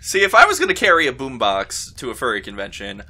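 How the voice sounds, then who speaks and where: A young man casually playing through a game and chatting with a friend. His voice is bright and bouncy, full of lively pitch swings, and he makes dry, wry remarks. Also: fast talker, slightly rough. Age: young adult. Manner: easygoing, wry, dry asides. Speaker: let's player. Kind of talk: casual gaming banter.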